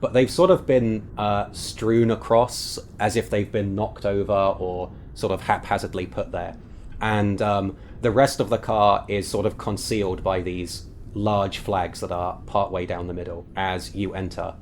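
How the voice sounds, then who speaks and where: Man, game master, low voice, descriptive narration, um-filled pacing, faint background rumble. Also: steady tone, unhurried.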